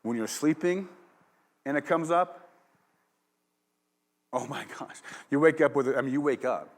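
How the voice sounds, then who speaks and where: A man's voice: mid-range voice, a little slow. A pastor giving a sermon, telling a rambling personal story in a casual, chatty way and laughing along as he goes. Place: church.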